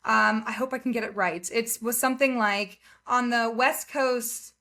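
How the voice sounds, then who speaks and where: A woman's voice: fairly high pitch, moderate pace, pushed and bright. A woman from the United States, a podcast guest chatting casually, bubbly and giggly with lots of fillers. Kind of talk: casual interview chat.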